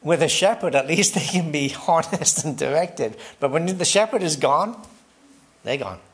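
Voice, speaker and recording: A man's voice: on the high side, animated, normal speed. A man preaching a sermon in a conversational way, asking the congregation questions, tagging "right?" onto his points and laughing lightly between phrases.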